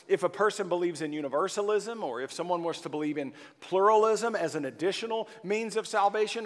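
Emphatic pastor preaching in a hall. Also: male voice, high voice, fairly bright tone. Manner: emphatic, rises and presses on key words, call-and-response with the congregation. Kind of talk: sermon.

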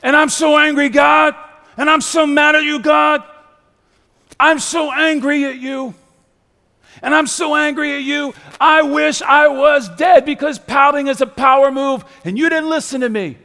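A man voicing a sulky, self-pitying male prophet who whines loudly in a church sermon. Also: steady tone, normal speed, hardly any pauses, clear, resonant tone, big-room sound. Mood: angry. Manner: whiny, high and loud.

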